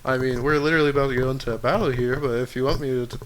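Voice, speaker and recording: A man voicing a bubbly, excitable young woman hero in a tabletop game, talking in quick, gushing bursts. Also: lightly acted. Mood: flustered. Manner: gushing, high and rapid.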